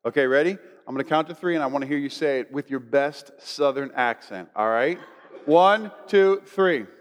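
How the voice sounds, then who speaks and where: Preacher in a reverberant church hall. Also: male voice, mid-range voice, moderate pace. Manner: conversational, preacherly, leads congregation in declarations. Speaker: pastor. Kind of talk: sermon. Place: church sanctuary.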